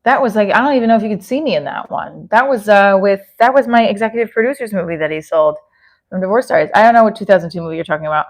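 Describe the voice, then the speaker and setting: A woman's voice: mid-range voice, very fast. A woman hosting a live stream, rambling casually and answering viewer comments, with a self-deprecating, chatty manner and many restarts. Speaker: livestream host reading viewer comments.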